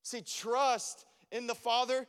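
A man preaching a sermon as a pastor, animated and acting out his own prayers to God. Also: very high voice, slow, clear, resonant tone. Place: church. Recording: long reverb of a church hall.

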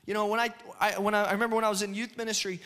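High, bright-voiced man preaching a sermon. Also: racing. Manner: animated storytelling, restarts, shouts in excitement. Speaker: pastor. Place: church hall before a congregation.

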